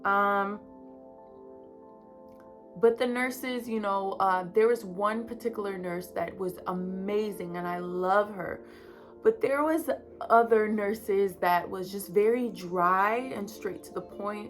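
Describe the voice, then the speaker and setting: A young woman in her twenties talks straight to her viewers about something deeply personal. She rambles candidly, full of fillers and little asides, at a middle pitch. Faint music sits behind her voice. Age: 20s. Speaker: vlogger. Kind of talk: personal storytelling to camera.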